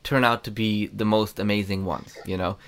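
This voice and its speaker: A man's voice: lowish voice, steady tone, moderate pace, a crowd in the background. A man hosting an interview who asks questions in a loose, chatty way. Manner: chatty, many fillers and restarts. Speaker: interview host. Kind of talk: casual interview chat.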